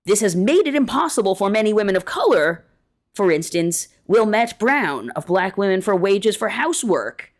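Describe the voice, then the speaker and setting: A woman reading an essay aloud in a measured, deliberate way, slowing down to stress key words. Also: mid-range voice, very animated. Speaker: reader of an essay.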